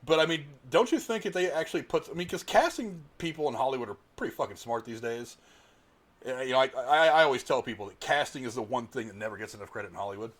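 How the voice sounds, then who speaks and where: A man's voice: medium pitch, fast talker, a bit bright. A middle-aged man hosting a podcast, arguing his opinions bluntly in casual, profane talk. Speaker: podcast host.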